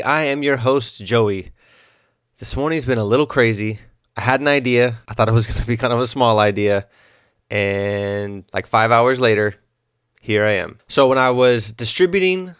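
A man's voice: mid-range voice, dry recording. Young man, podcast host, rambling comic monologue, dry close sound. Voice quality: animated, rambling. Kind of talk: casual comedic monologue.

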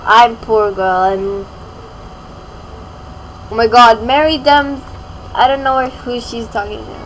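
A woman with a somewhat high voice chats her way through a game at an unhurried, drawn-out pace. She giggles and gets excited, talking to herself as she plays. Faint noise sits under the voice. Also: low-quality recording. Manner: giggly, excitable, talks to herself while playing. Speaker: gaming video creator. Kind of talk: casual gameplay commentary.

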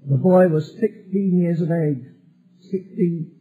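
High-voiced emphatic male preacher. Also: takes it slowly, husky, narrow, tinny audio, faint music behind. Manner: emphatic, building repetitions to a climax. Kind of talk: sermon.

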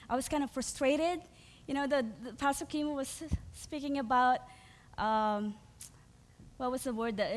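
A woman with a Filipino accent preaching a sermon in a chatty way, with many fillers, restarts and frequent laughter. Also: on the high side. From Philippines. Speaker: church speaker.

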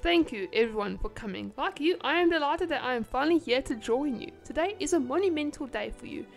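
A woman's voice: high voice, animated, brisk, vocal fry, soft background music, voice pushed up. A woman voicing a pompous aristocratic baroness who gives a grand, formal speech. She is sick.

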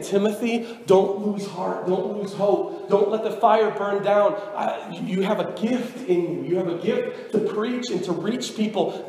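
Young male preacher, high-pitched and earnest; echoey sanctuary, light room noise. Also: gravelly, darkish tone. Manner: earnest, conversational preaching with rising emphatic exhortations. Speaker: pastor. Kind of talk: sermon. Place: church sanctuary. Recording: echoey church hall with reverb.

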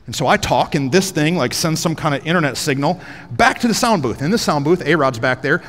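In a spacious church auditorium, a man preaches on a headset mic, joking and full of energy, sometimes shouting for emphasis. His voice leans high, his pace is brisk, and the room sounds big.

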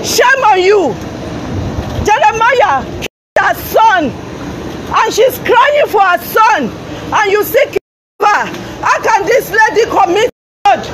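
A Nigerian woman live-streaming from her phone outdoors, shouting and confronting people, repeating herself urgently. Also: very high-pitched, lively intonation, slow pace, long pauses, noisy background. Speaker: livestreamer confronting officials. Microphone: phone held while live streaming.

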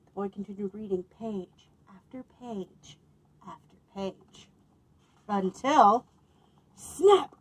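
A woman reads picture books aloud for children, taking her time and leaning into each line with expressive, playful delivery. Her voice sits fairly high and she breaks off for amused little asides. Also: low-quality recording. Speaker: children's librarian.

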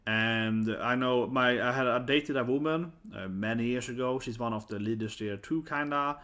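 A Swedish man, a native Swedish speaker, talking casually to camera in English in a rambling way, often tagging "right?" onto his sentences and restarting them. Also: normal speed. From Sweden. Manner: gets louder and higher when amused. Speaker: vlogger.

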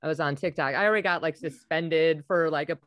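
A woman's voice: low voice, fast, no room sound. Blunt, foul-mouthed woman host, dry sound. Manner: profane, blunt, laughs loudly. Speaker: podcast host; comedian. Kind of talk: casual chat.

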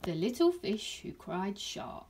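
A woman, a primary school teacher, reading a rhyming picture book aloud to her class in a gentle storytelling manner. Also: mid-range voice, wildly swooping pitch, slow, husky.

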